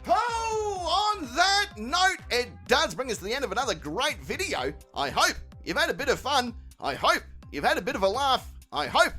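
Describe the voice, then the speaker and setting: High-voiced, foul-mouthed Australian man. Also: big pitch swings, fairly quick, few pauses, sharp tone, husky, faint music behind. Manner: crude, mocking, constant swearing. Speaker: commentary channel host. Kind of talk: profane comedic commentary.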